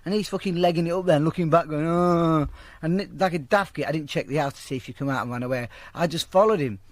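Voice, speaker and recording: Brief: bloke, higher voice, rattles off a sweary story, close dry mic. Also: male voice, fast talker, dry recording. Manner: blunt, profane, animated storytelling. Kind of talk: casual anecdote told to an interviewer.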